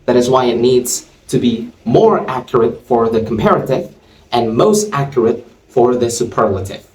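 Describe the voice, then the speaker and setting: Male English teacher, slow and deliberate, roomy off-mic sound. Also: medium pitch, a little mellow, distant mic. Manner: slow, deliberate explaining with spelled-out endings. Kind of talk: English grammar lesson.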